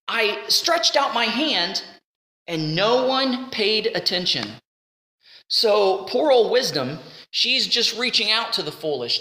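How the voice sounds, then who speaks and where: Woman Bible teacher, earnest and chatty, bright tone, echoey room. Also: mid-range voice. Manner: earnest, conversational, pleading at times.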